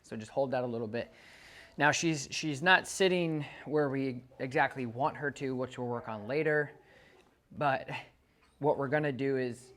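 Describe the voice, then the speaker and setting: A man working as a dog trainer, calmly coaching a client through exercises and counting out the timing. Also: mid-range voice, moderate pace. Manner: calm, coaching, counts out loud. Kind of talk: instructing a client during training.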